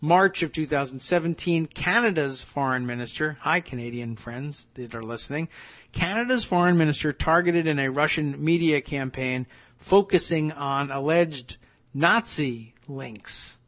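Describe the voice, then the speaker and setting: Guy hosting a politics podcast, reads stuff out then cracks dry sarcastic jokes, voice sits a bit high. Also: measured pace, a bit bright. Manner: sarcastic, chatty asides between read passages. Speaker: podcast host. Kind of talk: reading news items with wry asides.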